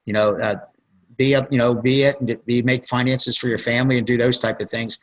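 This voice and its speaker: A man's voice: mid-range voice, flat delivery, brisk, poor audio. A man, a plastic surgeon guest on a conference call, telling rambling stories and acting out what people said. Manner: rambling storyteller, acts out quotes.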